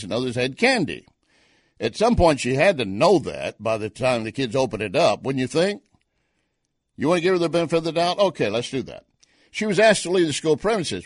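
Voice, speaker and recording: A man's voice: medium pitch, no echo, clean studio sound. A man hosting a live online talk show, giving opinionated news commentary with sarcastic asides and rhetorical questions to his viewers.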